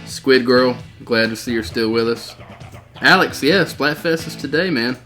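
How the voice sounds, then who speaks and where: A man streaming live gameplay, excitedly calling out plays and reading chat messages aloud. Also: medium pitch, a little slow, faint music behind. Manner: excitable, shouting out game callouts. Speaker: gaming streamer.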